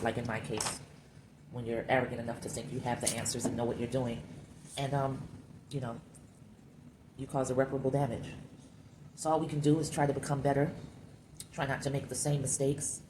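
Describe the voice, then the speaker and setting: A woman's voice: a bass voice, rough recording. A woman sculpting clay while she talks candidly and reflectively to her viewers, calling them y'all. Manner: candid and reflective, musing aloud. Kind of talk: casual talk while sculpting. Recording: steady background noise.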